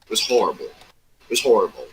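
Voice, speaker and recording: A man's voice: fairly low pitch, sing-song, a little fast, fairly bright tone, slight background noise, poor audio. A man in casual chat, rambling through an old tabletop game story and swearing often. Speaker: former game master recounting a campaign.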